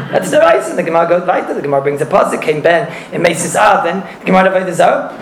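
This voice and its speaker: Man, high gravelly voice, giving a lively repetitive class in an echoey room. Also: quick pace, hardly any pauses. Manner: animated, repeats phrases, mixes in Hebrew and Yiddish terms. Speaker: Torah class teacher. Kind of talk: spoken halacha class. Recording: echoey room with faint noise.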